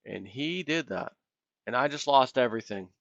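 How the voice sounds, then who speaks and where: A man's voice: medium pitch, expressive, normal speed, gravelly, no echo. Fired-up man ranting with a muffled, dry sound. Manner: heated, impassioned, acts out imagined callers. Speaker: commentary video host. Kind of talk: ranting solo commentary.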